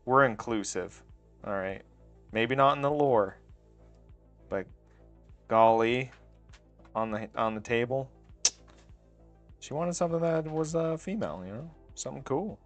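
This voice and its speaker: A man hosting a casual livestream, joking and laughing often as he talks to chat while working on a craft. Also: mid-range voice. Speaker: livestream host.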